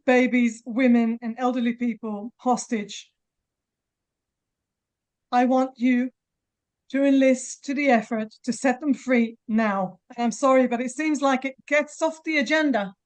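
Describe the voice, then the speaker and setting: A woman, a mother of hostages making an emotional, halting appeal at a press conference, near tears. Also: on the high side. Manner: halting, many pauses and restarts.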